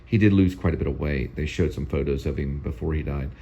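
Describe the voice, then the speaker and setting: A man's voice: a bass voice, fast talker, dark tone, highs cut off. A male host giving casual, rambling film commentary that often repeats itself.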